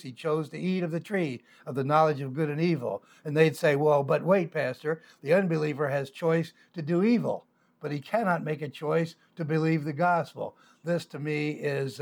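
Man teaching a sermon. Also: fairly high pitch. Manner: reads scripture slowly, then argues conversationally with fillers. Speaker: pastor.

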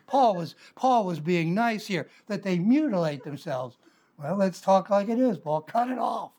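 A preacher delivers a Sunday teaching sermon in an unhurried, conversational manner. The voice sits at a middling pitch, and the delivery is blunt and wry, with filler words between points. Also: expressive, darkish tone.

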